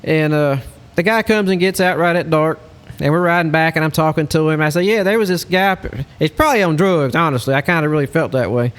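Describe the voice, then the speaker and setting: A man, a hunting lodge guide, telling a story in a casual, animated way. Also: on the high side, fairly quick, hardly any pauses. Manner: animated storyteller, Southern-style speech.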